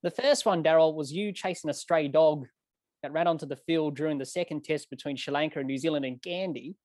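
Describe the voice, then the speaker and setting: A male podcast host asks eager questions and retells events to his guest in a lively way. His voice is of middle pitch, recorded dry and close with no room sound. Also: brisk, no echo. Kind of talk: casual interview questions.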